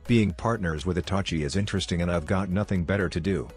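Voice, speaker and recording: A man voicing a gruff, surly male swordsman in a read-aloud fan story, grumbling and growling. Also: sits low, fast talker, soft background music, lightly acted.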